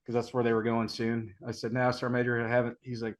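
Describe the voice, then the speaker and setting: A middle-aged man, a retired army sergeant major, telling service stories in a relaxed chat, acting out the sergeants he quotes. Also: mid-range voice, fast. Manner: relaxed storytelling, acts out quoted sergeants, laughs. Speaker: podcast guest, retired Ranger sergeant major. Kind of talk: casual storytelling.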